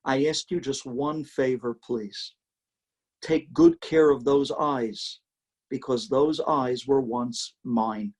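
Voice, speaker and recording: A man voicing a gentle, selfless blind husband in a soft, tender, lower voice. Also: fairly even intonation, takes it slowly. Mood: loving.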